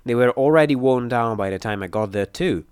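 A man reading a first-person adventure story aloud in a steady, measured way. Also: mid-range voice, smooth, dry recording, clean studio sound. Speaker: audiobook narrator.

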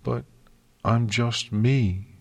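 A man's voice: mid-range voice, expressive, takes it slowly, a bit bright, breathy edge, no room sound, voice pushed up, heavily acted. A man voicing a frightened, tearful young female unicorn in a storybook reading, whimpering and sniffling. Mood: shaken. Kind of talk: audiobook fan fiction reading.

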